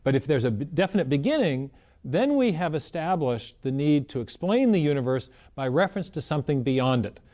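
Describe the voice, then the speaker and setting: A man with a slightly high, sing-song, mellow voice speaks fairly quickly as an interview guest, explaining scientific ideas step by step in an earnest, conversational way.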